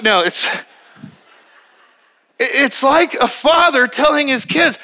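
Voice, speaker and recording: Pastor, male, middle-aged: high bright voice, emphatic, repeats his points, acts out quick exchanges. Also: very animated. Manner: emphatic and repetitive, acting out quick dialogues. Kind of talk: sermon.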